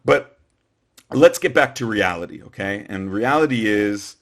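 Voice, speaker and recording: A man's voice: lowish voice, animated, a little slow. Emphatic man delivering a political monologue. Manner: emphatic, repetitive, frequent fillers and restarts. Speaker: political commentator. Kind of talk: opinion monologue.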